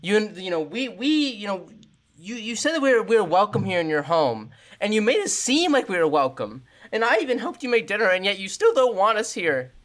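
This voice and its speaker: A man's voice: high-pitched, very animated, a little fast, a bit bright. A man voicing a defiant young runaway kid, who keeps hurling the same accusing taunts.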